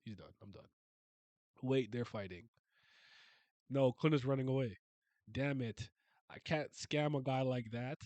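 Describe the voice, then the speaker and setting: A man's voice: medium pitch, measured pace, pauses often, darkish tone, dry recording. A man giving casual reaction commentary, ranting in exasperation with frequent exclamations and stammered restarts. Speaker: webcomic reaction host.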